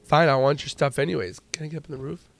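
A man hosting a gaming channel, commenting excitably and joking as he plays. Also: a little high, quick pace, vocal fry. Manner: excitable, jokey, exclaims and laughs often. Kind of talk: let's play commentary.

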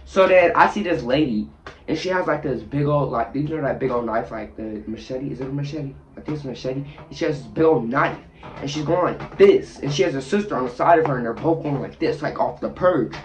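Man, storytime vlogger, higher-pitched voice, lively delivery full of sound effects, recorded in a bathroom. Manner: acts out scenes with sound effects and shifting voices. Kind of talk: animated storytelling. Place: bathroom, sitting on the toilet.

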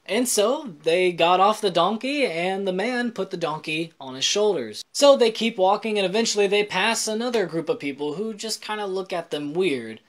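A man's voice: sits high, animated, moderate pace, few pauses. Joking, chatty man vlogging about faith. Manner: joking, chatty, self-deprecating asides; explains scripture in plain words. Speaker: Christian vlogger. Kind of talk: casual faith vlog talk.

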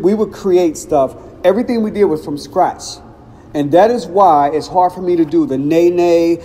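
A middle-aged man from Ohio telling casual stories as a podcast host, animated and acting out quotes. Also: on the high side. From Cincinnati, Ohio. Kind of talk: casual storytelling. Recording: long reverb, faint background noise.

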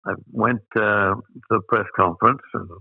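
A man's voice: lowish voice, steady tone, moderate pace, vocal fry, slightly rough, dry recording, narrow, tinny audio. An older Australian man telling rambling anecdotes as an interview guest, full of fillers. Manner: rambling, with many uh fillers and laughs. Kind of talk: anecdotal storytelling.

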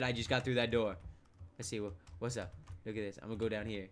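A young man giving casual commentary over a game he plays, mumbling to himself one moment and shouting the next. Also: on the low side, fast. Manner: excitable, jumps from mumbling to loud outbursts. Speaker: gameplay commentator. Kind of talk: casual let's play commentary.

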